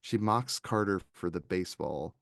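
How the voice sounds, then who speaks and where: A low, gravelly man talking through a film in casual podcast chat. He gets animated and slips into small impressions of the characters. The sound is dry and close. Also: moderate pace, no room sound. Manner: animated, quoting scenes in little put-on voices. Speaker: podcast co-host reviewing films.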